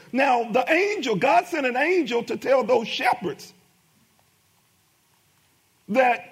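A man's voice: extremely high pitch, animated, slow, long pauses, slightly rough. A middle-aged man preaching a sermon as pastor, with emphatic rising bursts and many repetitions.

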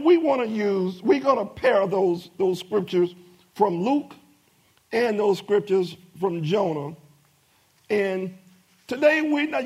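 A man's voice: high voice, darkish tone, husky. A middle-aged man preaching a sermon as pastor, with emphatic rising bursts and many repetitions.

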